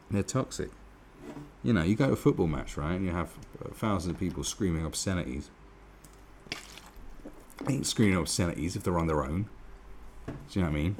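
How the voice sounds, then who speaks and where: A man's voice: low voice, big pitch swings, brisk, darkish tone. A man giving a profane, mocking commentary rant as host of his own channel. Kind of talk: ranting commentary.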